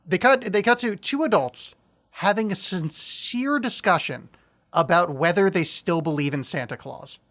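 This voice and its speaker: A man co-hosts a podcast in loose, casual chat. His voice sits a little high and swings widely in pitch. He drops dry, morbid jokes. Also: lively intonation, normal speed, fairly bright tone. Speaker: podcast co-host.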